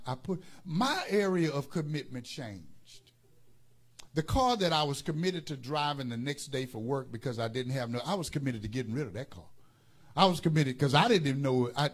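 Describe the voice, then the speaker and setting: A man preaching a sermon as pastor, calling on the congregation to repeat words and telling stories with many fillers and restarts. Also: fairly high pitch. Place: church.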